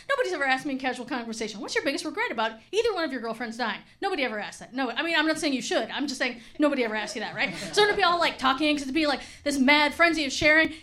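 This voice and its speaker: A woman's voice: high-pitched, sharp tone, a little hiss or hum. A woman doing a stand-up comedy set, chatty and laughing, with lots of "like" and "right?".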